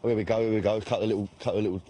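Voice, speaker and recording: A man's voice: on the low side, fairly even intonation, rapid-fire, dark tone. A blunt, sweary documentary narrator, man. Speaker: documentary presenter.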